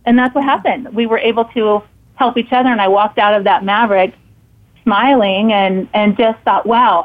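A woman guest telling a personal story in casual conversation, animated and acting out her own thoughts in quotes. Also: mid-range voice. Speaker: podcast guest and author. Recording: tinny phone-like line.

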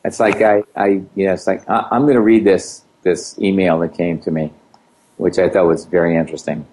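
A man co-hosting a casual talk show, agreeing easily and speaking in a relaxed, even way. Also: deep voice, fairly quick, rough recording. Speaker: co-host. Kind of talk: casual conversational chat.

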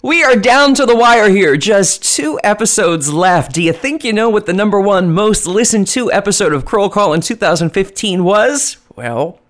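A man hosting a podcast, introducing clips and interviewing a guest in a lively, animated way. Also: high voice, moderate pace, few pauses. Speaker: podcast host. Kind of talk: podcast countdown narration and interview.

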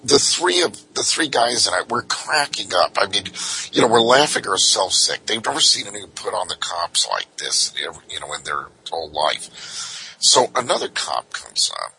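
Older man, low and bright, highly animated guest telling war stories. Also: moderate pace, gravelly, slight background noise, poor audio. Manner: animated, full of "you know" asides. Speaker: guest, former undercover investigator. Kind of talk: anecdotal storytelling in an interview.

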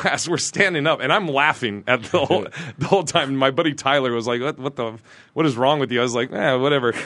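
A man, a comedian guest, telling an animated story, laughing through it and acting out the people in it. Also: mid-range voice, no echo. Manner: laughs through his story, acts out quotes.

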